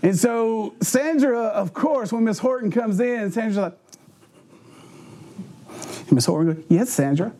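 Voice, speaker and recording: With a voice that sits high, a pastor preaches at a measured pace, pausing often. It's a sermon with humorous storytelling, and he is animated, acting out voices and sound effects and laughing a lot as he goes.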